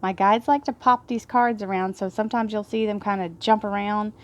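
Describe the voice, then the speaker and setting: A woman with a Texas Southern drawl reads tarot cards in a gushing, excitable way. Her voice sits at an ordinary middle pitch. She breaks into delighted laughter and slips into soft, reverent prayers. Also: a little fast. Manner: effusive, prone to excited laughter and hushed prayers. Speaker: tarot reader. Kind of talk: tarot card reading.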